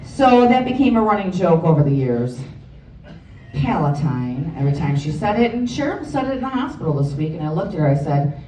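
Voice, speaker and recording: A woman's voice: sits low, very animated, a little fast, dark tone, slight background noise. A woman, giving a profane, funny eulogy for her best friend. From Chicago area. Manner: blunt, profane, joking. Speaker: eulogy speaker. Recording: roomy hall, distant mic, crowd.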